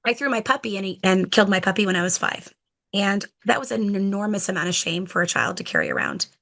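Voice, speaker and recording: A woman guest on a podcast, an educator telling stories in a chatty, animated way and acting out talks with children, with plenty of "like" and "you know". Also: mid-range voice, fast, vocal fry. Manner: animated, acts out conversations with children. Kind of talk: podcast interview storytelling.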